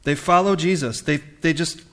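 A man preaching a sermon in a relaxed, conversational way, acting out the lines of the people in his story. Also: fairly high pitch, normal speed. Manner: lively, conversational, acts out quoted lines.

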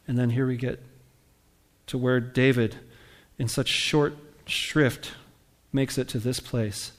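A pastor with a medium-pitched, steady voice preaches slowly and conversationally, asking his congregation questions and reading scripture aloud with rising emphasis.

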